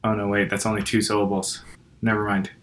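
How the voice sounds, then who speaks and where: A man trades dry, wry comebacks with his brothers on a casual podcast. His voice is bright and clear, and he sometimes slows down mid-thought. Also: fairly low pitch, monotone. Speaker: podcast co-host. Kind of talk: casual banter among brothers.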